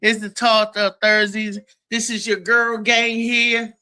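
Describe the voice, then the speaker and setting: A woman hosts a casual live-stream chat from home, talking in an animated way and breaking into loud exclamations. Her voice is bright and a little high, and she talks with a lot of energy. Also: a little slow, clear, resonant tone. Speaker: host.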